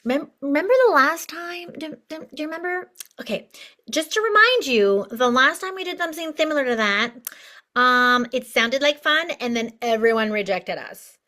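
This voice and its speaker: A woman's voice: medium pitch, measured pace, creaky. A woman voicing her fearful emotional self in a whiny, fretful way, pleading not to be hurt again. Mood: anxious.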